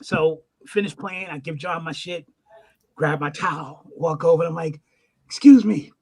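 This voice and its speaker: A middle-aged man, a guest musician, telling an animated, profane story in casual chat. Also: on the high side, moderate pace, slightly rough. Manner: animated, profane, acts out the voices in his stories.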